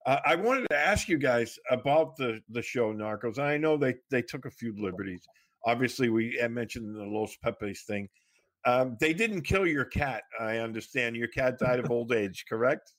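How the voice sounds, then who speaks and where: Male host, casual and halting, mid-range voice. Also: medium pitch, expressive, a bit bright. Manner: halting, lots of fillers and restarts. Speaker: interview host. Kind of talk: casual interview questions.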